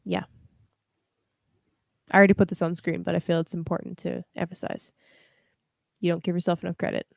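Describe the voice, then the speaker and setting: A woman's voice: lowish voice, little pitch movement, fairly quick, creaky, pauses often, dry recording, studio quality. A young woman hosting a casual livestream tarot reading, chatty and encouraging, with frequent fillers and the odd curse word. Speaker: tarot reader and livestream host.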